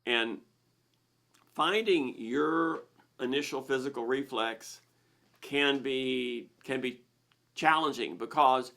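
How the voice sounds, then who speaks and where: A man's voice: medium pitch, slow pace, gravelly, long pauses, bright, forceful tone. Man explaining with frequent restarts. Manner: plain, explanatory, with frequent restarts and repeated words. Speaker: host of a misophonia Q&A. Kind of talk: live-stream Q&A, explaining.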